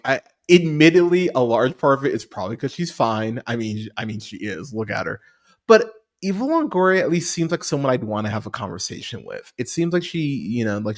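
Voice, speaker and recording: A man hosting a movie podcast, rambling through a profane casual review with lots of restarts and fillers. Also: mid-range voice.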